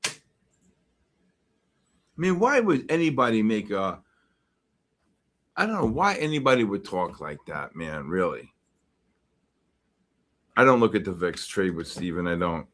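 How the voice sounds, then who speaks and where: Hosting a live futures trading stream, a man comments on charts and reads viewer chat in a rambling way full of fillers. His voice is fairly low and fairly bright, with lively intonation, and he speaks unhurriedly with frequent pauses.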